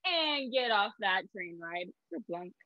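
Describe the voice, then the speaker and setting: A woman teaching artist leading a guided movement warm-up for children, upbeat and sing-song as she calls out each step. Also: medium pitch, normal speed, dry recording, highs cut off. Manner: upbeat, sing-song, leads call-and-response with voices.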